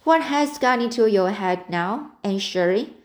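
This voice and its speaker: A woman reading the part of a stern, practical older spinster in an audiobook, in a brisk, scolding manner. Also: mid-range voice, animated, natural voice.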